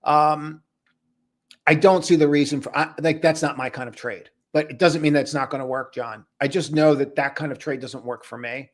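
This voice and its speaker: A man's voice: on the high side, fairly even intonation, normal speed. A man hosting a live trading stream, talking loosely and casually to viewers, calling them brother and buddy.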